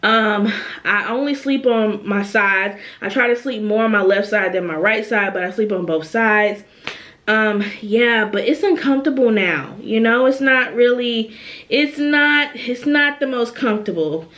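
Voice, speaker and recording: Chatty young woman, rather high voice. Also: measured pace. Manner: chatty, animated, repeats phrases and tags "okay?". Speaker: vlogger. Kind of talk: casual chat to camera. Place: at home.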